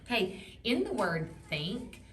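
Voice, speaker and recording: A woman reading teacher giving a patient, encouraging one-on-one phonics lesson, modeling words slowly for a student. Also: mid-range voice, big pitch swings, faint music behind. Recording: roomy with background noise.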